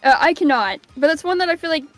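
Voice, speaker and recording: A woman with a fairly high voice chats playfully as a guest on a stream, poking fun at herself and laughing often. Soft music hums quietly behind her. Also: animated, fast talker, no echo. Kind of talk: casual chat.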